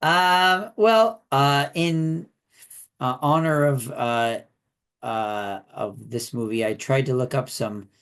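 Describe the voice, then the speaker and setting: A man's voice: mid-range voice, takes it slowly, fairly bright tone, clear, resonant tone. A man co-hosting a podcast, giving his film opinion in casual, hesitant chat. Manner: hesitant, many fillers and restarts. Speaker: podcast co-host.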